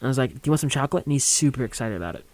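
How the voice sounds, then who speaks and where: On a college radio show, a young man tells a rambling, funny story, acting out the quotes and laughing along. His mid-range voice is animated and rapid-fire, recorded with no room sound.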